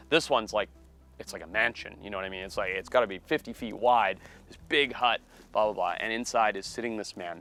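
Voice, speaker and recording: A man, a wildlife biologist and TV host, telling a story in a casual, animated way. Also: lowish voice. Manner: animated, acts out quoted voices.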